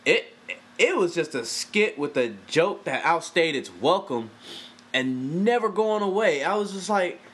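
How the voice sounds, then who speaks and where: A man's voice: a little high, expressive, unhurried, a bit bright, breathy edge. A man giving a casual, profane, exasperated film review, talking animatedly and swearing freely.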